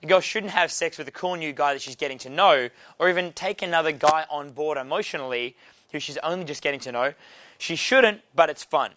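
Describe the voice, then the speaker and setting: A man teaching a dating seminar in a brash, profane, animated way. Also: a little high, a little fast, no room sound. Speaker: dating coach.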